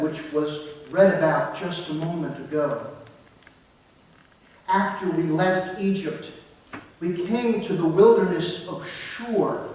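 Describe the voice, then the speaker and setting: A man preaching a first-person dramatic sermon in the voice of Moses, slow and storytelling, with hushed drops. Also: sits high. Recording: roomy echo from far off.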